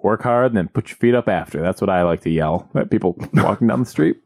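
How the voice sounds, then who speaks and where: A man with a very low voice hosts a casual podcast. He rambles and jokes in a dry way. The recording is close and dry, with no room sound. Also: fast, no room sound. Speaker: podcast co-host. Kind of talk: casual comedic chat.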